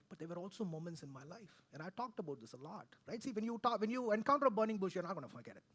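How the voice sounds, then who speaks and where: A man, preaching conversationally, swinging from loud to hushed and often asking "right?". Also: high-pitched, very animated, racing, few pauses, slight background noise. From India. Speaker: pastor. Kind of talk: sermon. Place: church.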